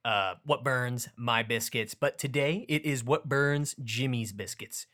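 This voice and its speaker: This young sports podcast host has a bright, forceful mid-range voice and takes his time. He keeps things casual, joking around and hyping the show in an upbeat, intro-style way.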